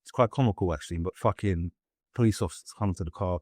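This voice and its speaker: A young man from England talks fast in a low, mellow voice, captured in dry studio quality. He tells his life story bluntly during a casual interview, swearing, acting out people's voices in quotes, and using many fillers.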